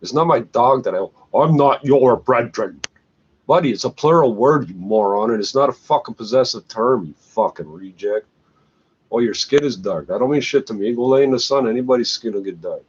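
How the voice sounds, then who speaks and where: A man's voice: medium pitch, animated, brisk, husky. A man ranting angrily and sarcastically, swearing constantly and laughing between complaints. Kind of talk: profane ranting monologue. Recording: muffled lo-fi recording with faint background hiss.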